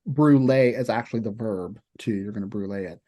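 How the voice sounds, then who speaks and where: A man's voice: lowish voice, brisk, dark tone. A young man from Kentucky co-hosting a podcast, rambling casually about cooking with lots of fillers. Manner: rambling, filler-heavy storytelling. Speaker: podcast co-host and chef. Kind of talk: casual chat.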